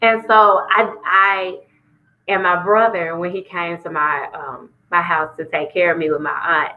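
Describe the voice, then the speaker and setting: Woman guest, lively storyteller, candid testimony, a bit lo-fi. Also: unhurried. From Memphis, Tennessee. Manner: animated storyteller, acts out dialogue with lively pitch jumps. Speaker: guest singer sharing her story.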